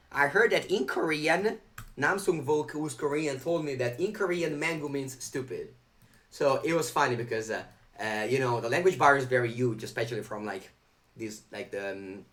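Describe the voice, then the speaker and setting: A man's voice: mid-range voice, expressive, normal speed, fairly bright tone. A young man chatting live on a game stream, reading viewer chat aloud and answering it.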